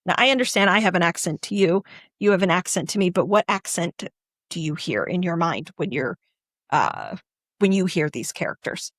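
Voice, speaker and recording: A woman's voice: fairly low pitch, animated, normal speed, no echo. Brief: American woman, podcast host, rambling chatty questions, dry close sound. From United States. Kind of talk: casual interview chat.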